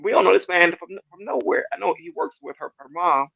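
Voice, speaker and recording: A man sharing a casual church testimony, animated and repetitive, acting out his talks with God. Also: high-pitched, fast, gravelly. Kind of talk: casual church panel discussion. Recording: dull lo-fi dry sound.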